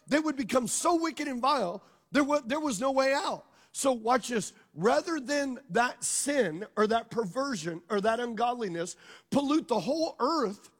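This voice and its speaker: A male pastor preaching a sermon, emphatic and calling out questions to his congregation. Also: very high voice. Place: church sanctuary. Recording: long reverb of a large hall.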